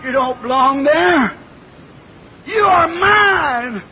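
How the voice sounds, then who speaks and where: A man voicing a mother eagle who shouts and pleads as she calls her lost son home. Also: extremely high pitch, slow pace, muffled recording, over music. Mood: urgent.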